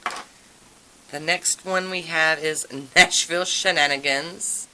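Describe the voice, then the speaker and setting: Slow, low-voiced woman. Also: steady tone, sharp tone, smooth, poor audio. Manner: chatty and enthusiastic, drawn-out exclamations. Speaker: nail polish vlogger. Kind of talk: casual haul video chat.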